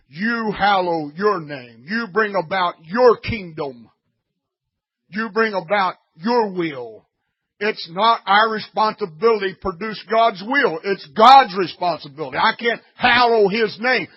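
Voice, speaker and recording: A man preaching a sermon in a blunt, scolding way, swinging from quiet teaching to shouts. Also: sits high, animated, a little slow, breathy edge, dull audio.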